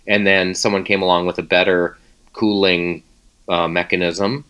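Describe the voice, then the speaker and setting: A man's voice: deep voice, level tone, normal speed, a bit bright, clear, resonant tone. A man, co-hosting a casual chat and playfully quizzing his partner with trivia. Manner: playful, teasing quizmaster. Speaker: co-host running a trivia game.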